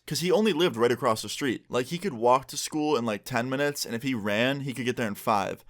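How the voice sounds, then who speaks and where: A man's voice: mid-range voice, expressive, fairly quick, few pauses. Laid-back young guy telling a story. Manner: laid-back, slangy, lots of "like" and "bro". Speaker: YouTuber. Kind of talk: casual storytime vlog.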